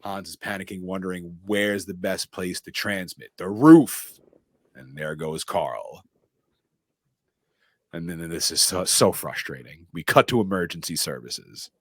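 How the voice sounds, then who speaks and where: A low-voiced man recaps a movie plot scene by scene in casual podcast chat. He is animated, jumping into short voices for each character. The sound is dry and close to the mic. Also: no room sound. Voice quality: animated storyteller, doing quick character voices. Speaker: podcast co-host recapping a film.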